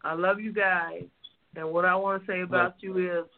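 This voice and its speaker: A tipsy woman co-hosting a radio show, rambling through shout-outs and profane jokes. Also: fairly low pitch, level tone, normal speed. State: tipsy from drinking. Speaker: radio co-host. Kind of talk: loose radio banter. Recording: tinny phone line with loud crowd noise.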